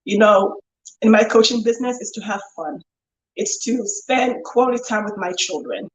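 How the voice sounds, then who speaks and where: A middle-aged woman, a business coach, talking candidly and with animation straight to camera, acting out the voices of people she quotes. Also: on the high side. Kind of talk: casual talk to camera. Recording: echoey room.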